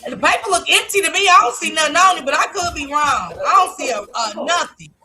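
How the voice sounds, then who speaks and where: A woman giving casual livestream commentary in an animated way, laughing and talking back at the footage. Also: sits high, fairly quick, slight background noise.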